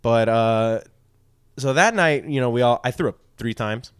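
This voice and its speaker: A man's voice: medium pitch, a little slow, smooth, no echo, studio quality. A young man co-hosting a podcast, telling a drunken story in a rambling, profane way with lots of fillers. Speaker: podcast co-host. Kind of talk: casual storytelling.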